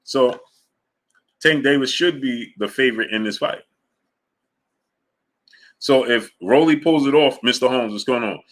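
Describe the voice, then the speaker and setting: A man running a live boxing talk stream with a bright, forceful voice. He keeps greeting viewers by name between points and pushes his pitch up when he argues a case. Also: measured pace, pauses often. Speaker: boxing talk show host. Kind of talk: live-stream chat reading super chats.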